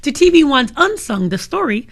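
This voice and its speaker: A woman's voice: sits high, very animated, moderate pace. Upbeat woman talk show host. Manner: polite, upbeat interviewer. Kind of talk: interview.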